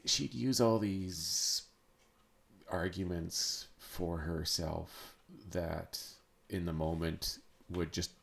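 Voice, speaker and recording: A man hosting a podcast, talking through a personal story in a halting, searching way with many restarts. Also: low voice, steady tone, vocal fry, a bit bright. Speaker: podcast host. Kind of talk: personal monologue.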